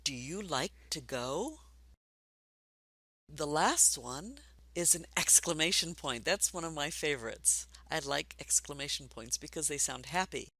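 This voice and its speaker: A woman teaching a basic reading lesson for adults, patient and encouraging, speaking slowly and clearly. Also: low-pitched, expressive, bright, forceful tone, no room sound.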